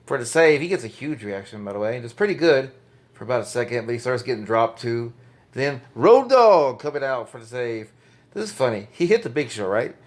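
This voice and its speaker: A man's voice: medium pitch, big pitch swings, a little fast. A man casually recapping an old wrestling show, rambling and correcting himself as he goes. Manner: rambling, self-correcting, chuckles often.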